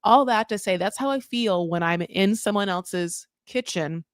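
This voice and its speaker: A young woman recapping a reality show in casual, animated commentary, swearing freely and acting out what the people said. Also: medium pitch, measured pace, dry recording, studio quality. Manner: chatty, animated, swears, acts out quoted voices.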